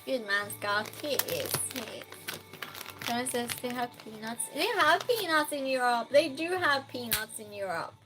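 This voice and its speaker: A woman's voice: fairly high pitch, lively intonation, normal speed, over music. A woman hosting a live-stream game night, chatting casually, reading chat aloud and playfully scolding and thanking donors.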